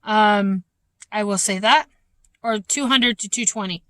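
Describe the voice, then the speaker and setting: A young woman giving a candid, halting home vlog update with many fillers, troubled by an ongoing cough and short of breath. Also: medium pitch, fairly bright tone, dry recording. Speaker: vlogger. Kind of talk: casual personal update.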